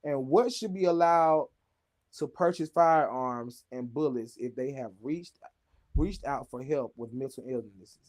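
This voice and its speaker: A man's voice: mid-range voice, unhurried, a little mellow. A man hosting a casual news show, reading stories aloud with jokes, laughing and stumbling over names. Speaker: show host.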